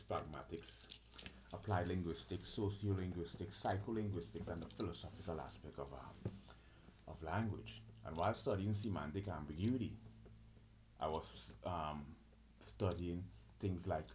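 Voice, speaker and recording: A very low-pitched man lecturing alone, reeling off long lists of terms and tripping over his words as he goes. Faint clicks and a light hiss sit under his voice. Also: darkish tone. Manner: lists terms, restarts and stumbles often. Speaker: channel host. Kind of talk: rambling solo lecture.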